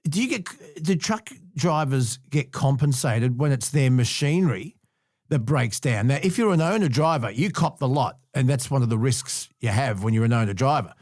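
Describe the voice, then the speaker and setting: Australian host asking pointed questions. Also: male voice, medium pitch, expressive, moderate pace, a little mellow, dry recording, clean studio sound. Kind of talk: radio-style podcast interview.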